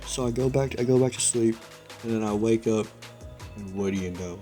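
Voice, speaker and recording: A man's voice: fairly low pitch, normal speed, mellow, faint music behind. A young man telling a rambling story in a casual vlog, laughing often and saying "dude" a lot. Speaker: vlogger.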